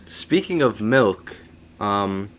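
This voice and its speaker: A young man co-hosting a podcast, joking around casually with deadpan bits. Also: on the low side, very slow, slight background noise. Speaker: podcast co-host. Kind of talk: casual chat.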